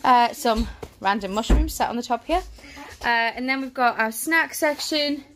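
A little hiss or hum accompanies this high-pitched, fairly bright voice moving at normal speed. It belongs to a pregnant, out-of-breath young woman who vlogs about family life, casually chatting over a grocery haul, laughing easily and correcting herself.

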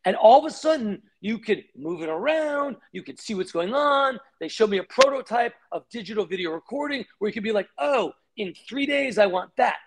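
A middle-aged man being interviewed, telling his career stories in a punchy, energetic way and quoting people in quick bursts. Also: high voice. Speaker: guest, company founder. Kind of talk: animated interview storytelling.

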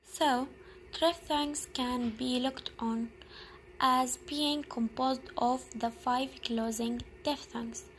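Young female student presenter; high-pitched, very slow and careful delivery, slight background noise. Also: steady tone, poor audio. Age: young adult. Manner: slow, deliberate, repeats example words. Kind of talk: slow classroom presentation on phonetics.

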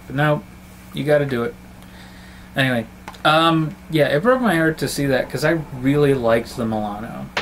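A man's voice: medium pitch, slight background noise, rough recording. A man talking casually and fondly in a film review vlog, rambling and restarting his sentences. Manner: chatty, fond and rambling, with frequent restarts.

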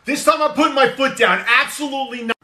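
A middle-aged man with a New York accent, acting as the grumbling father in comedy skits, with an exaggerated, animated delivery. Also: extremely high pitch, fast, roomy sound.

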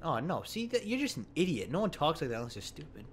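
A young man giving loud, excitable gameplay commentary, swearing and laughing often. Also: on the high side, quick pace, slight background noise. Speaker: gaming YouTuber.

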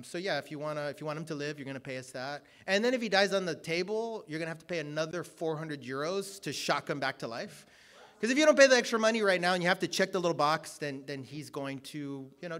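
A man preaching a sermon, telling a personal story, loud and emphatic at times, then dropping to low, quiet asides.

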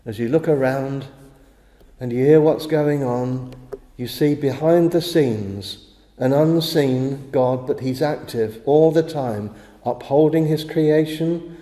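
A man preaches a sermon with a slightly high but very dark, mellow voice. He speaks in measured phrases and stumbles over small words before pressing on. The chapel around him rings with a long, roomy echo. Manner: measured preaching with halting restarts. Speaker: pastor. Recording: echoey chapel with long reverb.

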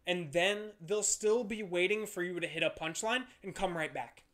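Profane, rambling comedian man, slightly high. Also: normal speed, fairly bright tone. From Ohio, USA. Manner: loose, profane, self-mocking. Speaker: podcast co-host, comedian. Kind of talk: casual drunken podcast banter.

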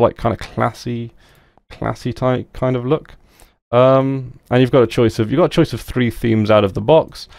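A young man hosting a casual app walkthrough over a screen recording, chatty and relaxed with many fillers. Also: mid-range voice, normal speed, gravelly, no echo, studio quality. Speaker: tech video host.

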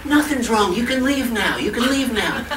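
A man voicing a nervous male spider trickster whose voice keeps climbing higher, in an echoey room. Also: lively intonation, normal speed, recorded from a distance, background noise. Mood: panicky. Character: anxious male spider trickster, squeaky in panic.

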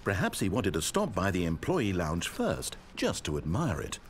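A man's voice: low-pitched, wildly swooping pitch, normal speed, husky, dry recording, full character voice. An actor playing a smug, chatty male game narrator with a wry, theatrical manner. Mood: narrating.

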